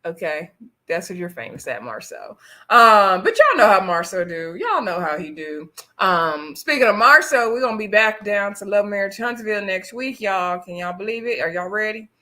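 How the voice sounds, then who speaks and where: Bright-voiced chatty woman recapping TV. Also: mid-range voice, expressive, moderate pace. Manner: chatty, sassy, addresses viewers as y'all. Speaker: host reviewing a reality show. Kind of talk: casual live recap chat.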